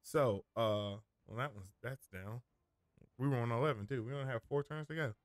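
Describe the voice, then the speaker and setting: A man's voice: medium pitch, moderate pace, no room sound, clean studio sound. A man giving casual gameplay commentary as a streamer, thinking aloud, rambling and often correcting himself mid-sentence.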